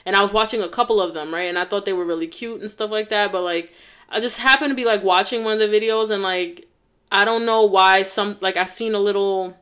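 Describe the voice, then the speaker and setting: A woman's voice: mid-range voice, a little fast, a bit bright. A young woman hosting a casual solo podcast, talking in a heartfelt, rambling way full of fillers. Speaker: podcast host.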